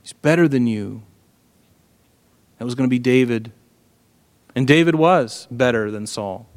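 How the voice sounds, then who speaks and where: A man's voice: medium pitch, unhurried. Earnest man teaching from the Bible. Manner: earnest, frequent "right?" asides and restarts.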